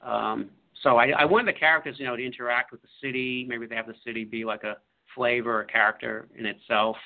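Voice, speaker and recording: A man, an author, talking about his book in a halting way with many fillers. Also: medium pitch, steady tone, vocal fry. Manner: halting, full of fillers and restarts. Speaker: author being interviewed. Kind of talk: casual radio interview. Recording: phone-like line.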